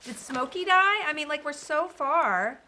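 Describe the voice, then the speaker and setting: Animated high-voiced woman streamer. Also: measured pace, a little hiss or hum. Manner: chatty, reads game dialogue aloud, greets chat viewers. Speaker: streamer playing a video game. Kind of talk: casual live-stream chat.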